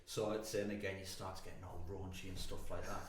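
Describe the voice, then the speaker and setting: A man's voice: deep voice, flat delivery, fairly quick. A man with a British accent telling crude, sweary anecdotes in casual podcast banter, often breaking into laughter. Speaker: podcast co-host. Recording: echoey room, faint noise.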